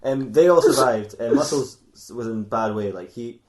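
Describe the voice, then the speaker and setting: A man's voice: medium pitch, normal speed, darkish tone. A man co-hosting a comedy podcast, telling a silly fan fiction story in a rambling way and laughing often at his own jokes.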